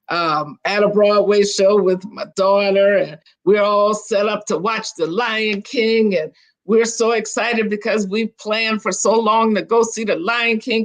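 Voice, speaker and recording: An older woman, a guest on a video call, telling stories in a chatty, animated way and often restarting her sentences. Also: medium pitch. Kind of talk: casual storytelling on a video call.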